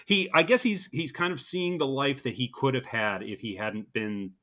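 A man from New Jersey co-hosting a casual film review podcast, an animated and joking storyteller. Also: medium pitch, normal speed. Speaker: podcast co-host.

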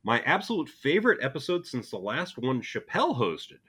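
A man co-hosting a podcast, reading listener comments aloud and teasing in a dry, deadpan way. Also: mid-range voice, fairly quick, crowd noise. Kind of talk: casual chat.

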